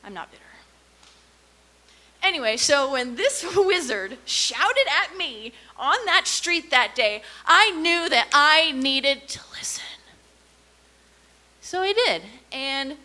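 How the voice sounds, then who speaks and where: A young woman performing a stand-up comedy set, telling stories in an animated, sarcastic way. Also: high voice, slow pace.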